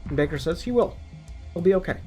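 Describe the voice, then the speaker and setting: A man's voice: fairly high pitch, animated, quick pace, darkish tone. A man, a book reviewer, retelling a novel's story in a plain, matter-of-fact way. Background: faint background music.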